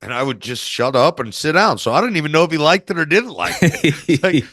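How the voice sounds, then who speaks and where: A man's voice: on the high side, lively intonation, fast, fairly bright tone, no room sound, clean studio sound. A man telling stories as an interview guest in a brash, swaggering, profane way. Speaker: interview guest, former wrestler. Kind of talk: casual storytelling interview.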